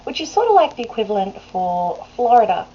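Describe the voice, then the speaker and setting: Her voice is on the high side and warm, a little fast, with big swings in pitch. This Australian vlogger chats casually to camera in a rambling, laugh-filled way, captured on a dull lo-fi webcam with faint hiss.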